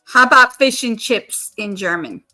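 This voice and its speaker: A woman live streamer chatting casually with an AI assistant, slowly spelling out words letter by letter. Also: on the high side, animated, pushed and bright, soft background music.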